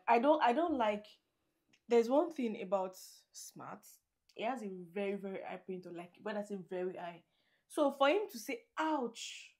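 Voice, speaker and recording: A chatty woman talks to her vlog viewers. She is heartfelt and open. Her voice sits at a middle pitch. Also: darkish tone. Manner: chatty, laughs often, heartfelt. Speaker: vlogger. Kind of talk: casual vlog chat. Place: living in Greater Manchester, UK.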